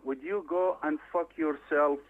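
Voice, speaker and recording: A man's voice: fairly high pitch, fairly even intonation, measured pace. Guy threatening and swearing down a crackly phone, broken english. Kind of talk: heated phone argument. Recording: tinny phone line.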